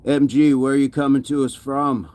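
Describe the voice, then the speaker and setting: A man's voice: mid-range voice, little pitch movement, normal speed, a little mellow. Upbeat man chatting on a livestream. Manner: upbeat and chatty, laughs often, greets viewers by name. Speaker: fitness livestream host. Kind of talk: casual livestream chat reading viewer comments.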